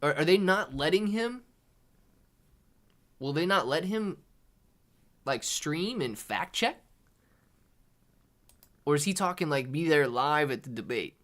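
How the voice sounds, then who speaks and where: A man hosting a live stream, chatting casually while reading viewer comments. He talks in a relaxed, rambling way, says "dude" and "man" often, restarts his sentences, and keeps his voice down so he won't disturb children at home. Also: on the high side, takes it slowly, pauses often. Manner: talks softer to keep quiet near children. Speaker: livestream host reading chat.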